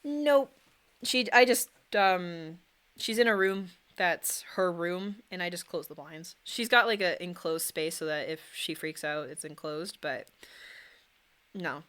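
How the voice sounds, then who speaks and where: A woman's voice: on the low side, a little slow, fairly bright tone. Chatty young woman streamer. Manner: rambling, chatty, answers chat questions. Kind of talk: casual chat while painting miniatures.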